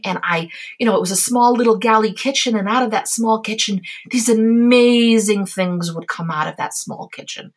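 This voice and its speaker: A woman from the Azores, a cookbook author, talking as an interview guest in a casual, animated and heartfelt way. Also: fairly high pitch, breathy edge. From Azores, Portugal. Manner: animated, heartfelt, acts out voices in her anecdotes.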